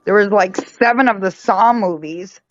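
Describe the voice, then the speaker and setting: A man's voice: sits high, normal speed, a bit bright, muffled recording. A man in a casual livestream chat, talking bluntly and teasing his friends.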